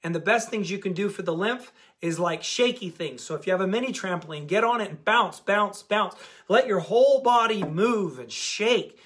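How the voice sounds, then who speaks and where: A man with a notably high voice speaks straight to his viewers as a diet coach. His talk is animated and emphatic, and he hammers key words by saying them again. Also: normal speed, few pauses. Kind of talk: casual motivational talk to camera.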